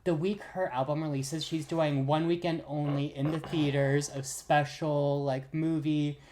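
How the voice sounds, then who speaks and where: A young woman co-hosting a podcast in casual chat, gushing and giggly, often jumping into high excited bursts. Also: measured pace, a little hiss or hum. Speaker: podcast co-host.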